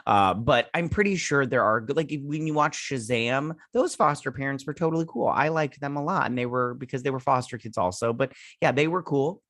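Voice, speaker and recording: A man retelling an episode in a loose, chatty way. He fills his sentences with "uh" and "like" and throws in sassy side remarks. His voice sits at an ordinary middle pitch and sounds close and dry, with no room around it. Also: expressive, brisk, few pauses, a bit bright, no room sound. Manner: rambling, filler-heavy, sassy asides. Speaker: show reviewer, host. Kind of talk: casual episode recap and review.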